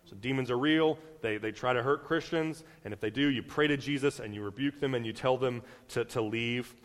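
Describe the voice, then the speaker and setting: A man's voice: mid-range voice, fairly quick. A young man preaching a casual sermon, talking loosely with fillers and restarts and acting out quotes. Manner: conversational, many fillers and restarts, acts out quotes. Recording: long reverb of a large hall.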